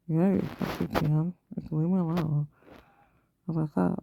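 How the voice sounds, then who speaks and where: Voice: mid-range voice, little pitch movement, moderate pace, gravelly, dark tone, a little hiss or hum, poor audio. A self-taught artist vlogger talking casually while drawing, ranting defensively and swearing often.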